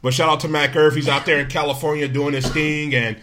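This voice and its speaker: A man hosting a casual chat, encouraging his guest and giving shout-outs. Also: on the high side, steady tone, fairly quick, slight background noise. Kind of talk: casual conversation.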